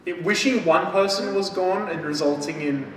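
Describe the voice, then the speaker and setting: A man co-hosting a podcast in casual chat, retelling a book's plot with lots of swearing and quick acted-out lines. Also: fairly high pitch, fairly bright tone, distant mic. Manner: swears a lot, acts out characters' lines. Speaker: podcast co-host. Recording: echoey room, off-mic, faint noise.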